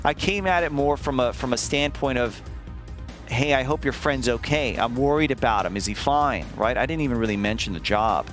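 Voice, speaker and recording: A man streaming, telling a story casually to his chat in an animated, profane way, acting out the lines he quotes. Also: mid-range voice, moderate pace, faint music behind.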